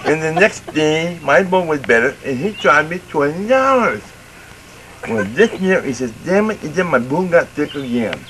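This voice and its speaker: A slightly high-voiced man, talking at normal speed against background noise, tells a lengthy folksy joke. He drawls like a storyteller, acts out the characters, and gets louder and more excited toward the end.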